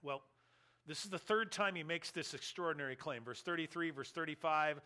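A man's voice: on the high side, brisk, bright, forceful tone. A man preaching a sermon, teaching verse by verse with emphatic stresses and wry asides. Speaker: pastor.

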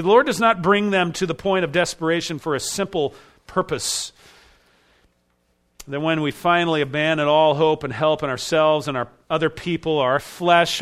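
A man's voice: fairly high pitch, fairly bright tone. A man preaching an expository sermon with emphatic rising bursts. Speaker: pastor.

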